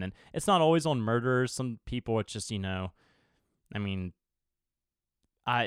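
A man's voice: on the low side, clean tone, no room sound, studio quality. A young man hosting his own podcast alone, rambling casually, swearing freely and chuckling now and then. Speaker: podcast host. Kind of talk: casual solo podcast chat.

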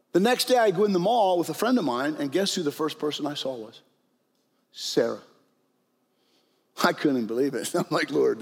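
A man's voice: on the high side, husky, long reverb tail. An older man telling stories in a sermon, talking conversationally and checking in with the listeners often. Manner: conversational, frequent "right?" and "okay?" asides. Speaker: preacher. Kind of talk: sermon storytelling.

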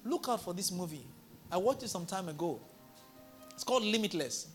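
A male pastor preaching a sermon in a church, telling a story and building to loud, emphatic declarations. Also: high-pitched, expressive, brisk, faint music behind.

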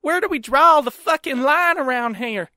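A man putting on a shrill Southern busybody woman. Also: lively intonation, moderate pace, bright, forceful tone, no room sound, clean studio sound, full character voice. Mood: indignant. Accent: American Southern. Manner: whiny, nagging.

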